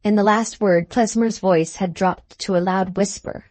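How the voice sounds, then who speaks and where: A classic novel is read aloud by a female audiobook narrator whose mid-range voice stays measured and even. The recording carries no room sound.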